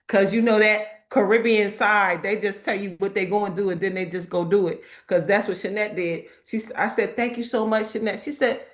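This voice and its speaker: A woman's voice: mid-range voice, normal speed. A woman hosting a casual live chat, telling stories and acting out the people she quotes. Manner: lively storytelling that acts out quoted people. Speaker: host.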